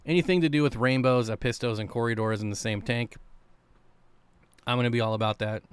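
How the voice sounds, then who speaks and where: On a laid-back live stream for an aquarium channel, a man with a clean, mid-range voice speaks fairly quickly. He chats easily and reads viewers' comments aloud.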